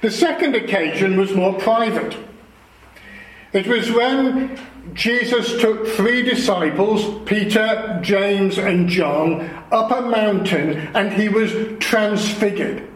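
A man preaching a sermon, explaining scripture in a slow, earnest way. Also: high-pitched, reverberant, poor audio.

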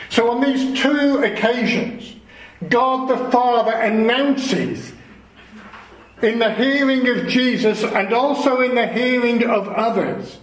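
A man preaching a sermon, explaining scripture in a slow, earnest way. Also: high-pitched, lively intonation, a bit bright, roomy sound, rough recording.

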